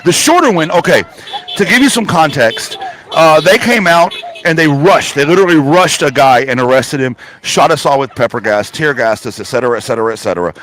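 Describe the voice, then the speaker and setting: A man's voice: a little high, expressive, a little fast, fairly bright tone. A man reporting live from a protest site in an urgent, emphatic and blunt way, swearing freely. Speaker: on-the-ground reporter. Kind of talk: live remote interview.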